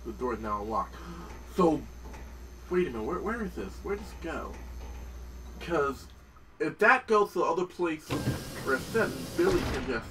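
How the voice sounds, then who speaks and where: Excitable swearing gameplay commentator man. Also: a little high, moderate pace, pauses often, recorded from a distance, background noise. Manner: excitable, swears often, talks to game characters. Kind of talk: casual let's-play commentary.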